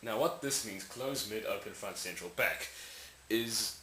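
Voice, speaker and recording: Casual male tutor, lowish bright voice, rambling, demos sounds; echoey room with faint hiss. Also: unhurried. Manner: rambling, self-correcting, demonstrating sounds aloud. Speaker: language tutorial maker. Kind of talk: casual explainer lesson.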